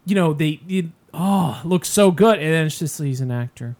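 A man in casual chat with friends, jokey and quick to riff. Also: on the high side, expressive, a little mellow.

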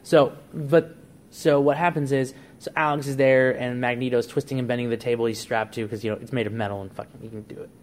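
Casual man pitching a story. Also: steady tone, quick pace, a little mellow. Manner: rambling storyteller, frequent restarts and "like". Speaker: podcast co-host. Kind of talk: casual podcast chat.

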